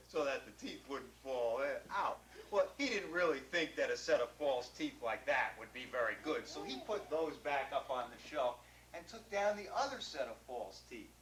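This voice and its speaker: Lively folksy male storyteller. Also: medium pitch, moderate pace, a little hiss or hum, rough recording. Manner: animated, chuckles at his own impressions. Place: library event.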